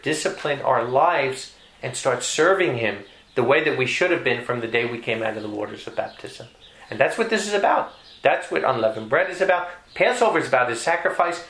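A man preaching a sermon with emphasis, repeating key phrases and climbing in pitch to stress a point. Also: fairly bright tone. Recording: echoey room.

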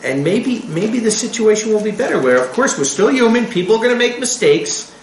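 Мужчина-проповедник, оживлённо читает проповедь, высокий голос, гулкая комната с лёгким фоном. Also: male voice, high voice, fairly quick, roomy sound, slight background noise, poor audio. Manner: animated, acts out quotes. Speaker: preacher. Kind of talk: sermon.

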